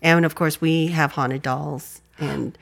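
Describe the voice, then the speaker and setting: A woman's voice: low voice, fairly even intonation, slow pace, gravelly. A woman paranormal investigator, a guest who answers interview questions in a matter-of-fact, easygoing way.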